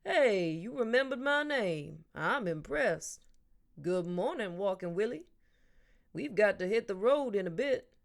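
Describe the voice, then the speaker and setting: A woman's voice: medium pitch, expressive, a little slow, vocal fry. A woman doing a teasing, joking older man. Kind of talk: audiobook character reading.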